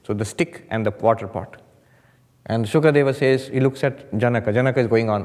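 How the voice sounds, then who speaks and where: A man, a monk, gives a spiritual talk at a meditation retreat, teaching through humorous stories and lifting his voice for emphasis. His pitch sits in a middle range. The talk rings in a hall with a long reverb. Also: fairly quick. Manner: animated storytelling with humor, rising emphasis. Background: audience laughter.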